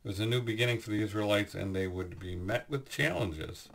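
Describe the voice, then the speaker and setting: A man giving a Bible teaching, explaining scripture in a measured way with frequent pauses and fillers. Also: lowish voice, creaky, a bit bright.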